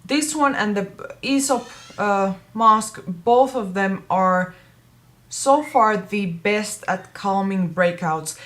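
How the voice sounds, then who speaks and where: A woman beauty vlogger giving a casual skincare product review, chatty and self-correcting, repeating words for emphasis. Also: medium pitch.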